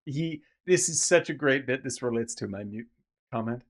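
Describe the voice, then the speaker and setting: Animated man retelling a film scene. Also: mid-range voice, normal speed. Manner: animated, acts out characters' lines mid-story; swears casually. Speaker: podcast co-host. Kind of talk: casual film discussion.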